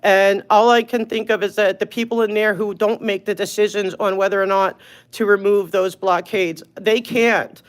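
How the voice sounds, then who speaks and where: A woman's voice: medium pitch, fairly even intonation, normal speed. A woman from Los Angeles giving an earnest public comment at a city meeting, choked up and pleading with the commissioners.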